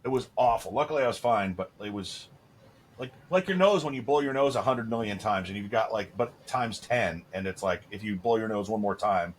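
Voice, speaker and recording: Podcast co-host, man, 30s, low register, candid and crude, filler-heavy anecdotes. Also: brisk, a little hiss or hum. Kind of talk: casual chat.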